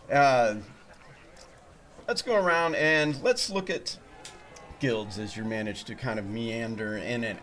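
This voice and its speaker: A man narrating a tabletop game as game master, at an ordinary middle pitch. He talks loosely and rambles, filling gaps with "um" and "uh" as he sets the scene. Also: a bit bright. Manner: rambling, loose, with many fillers.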